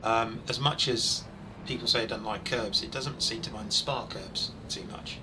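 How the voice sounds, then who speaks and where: A man over forty doing live, chatty commentary on a sim race, excitable when incidents happen. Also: lowish voice, normal speed, background noise.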